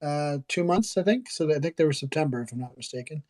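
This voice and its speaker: Man from Canada, host, casual live chat, jokey, rambling, fairly high voice. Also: animated, fast, a little mellow. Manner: jokey, rambling, with filler words.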